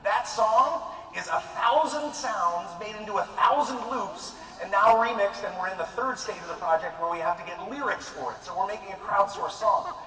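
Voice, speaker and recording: A man's voice: high-pitched, lively intonation, moderate pace, few pauses, bright, forceful tone, faint music behind. A man giving a casual, conversational, self-deprecating talk to a live audience in a large room. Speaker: speaker addressing a live audience. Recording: echoey hall, mic far off, noisy room ambience.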